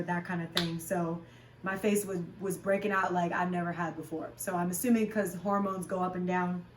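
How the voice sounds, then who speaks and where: Speaking openly and casually, this woman, a fitness vlogger who also teaches classes, fills her vlog chat with plenty of ums and likes. Her normal-pitched voice is picked up from a distance in an echoey room, with slight background noise.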